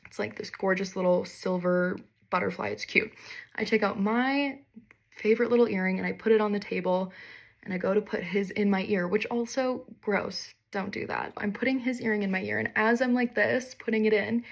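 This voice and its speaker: A woman's voice: medium pitch, moderate pace, creaky. A young woman telling a candid, wry personal story in a casual monologue, swearing freely and poking fun at herself.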